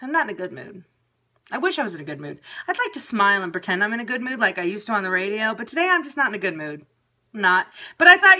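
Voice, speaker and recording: A woman's voice: a little high, sing-song, brisk, pushed and bright. A woman venting casually and profanely to viewers on a phone livestream. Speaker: periscope broadcaster. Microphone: phone camera.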